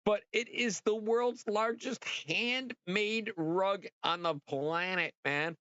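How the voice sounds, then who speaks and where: Male livestream host, higher pitch, loose and excitable, cusses freely, dry lo-fi mic sound. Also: takes it slowly, hardly any pauses, no room sound. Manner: rambling and excitable, swears freely, talks straight to viewers. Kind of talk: casual livestream chat.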